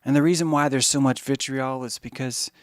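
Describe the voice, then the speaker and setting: A man hosting a podcast, rambling in a monologue that swings from hushed musing to mocking put-on voices, with some swearing. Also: medium pitch, steady tone, a little fast, no room sound. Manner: profane. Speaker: podcast host.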